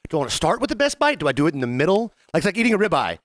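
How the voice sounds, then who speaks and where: A man co-hosting a podcast in quick, animated banter. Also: a little high, dry recording, clean studio sound. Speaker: podcast co-host. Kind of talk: casual chat.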